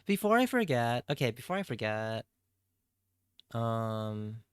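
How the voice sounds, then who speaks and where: A man's voice: medium pitch, very animated, unhurried, smooth, dry recording, studio quality. A young man streaming, chatting casually and playfully with his viewers in a rambling way. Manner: rambling, playful, talks straight to chat. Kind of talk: casual livestream chat.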